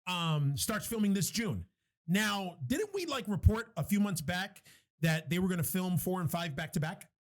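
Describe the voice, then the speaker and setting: A man co-hosting a podcast in casual chat, animated, laughing often and swearing casually. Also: sits high, moderate pace. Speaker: podcast co-host.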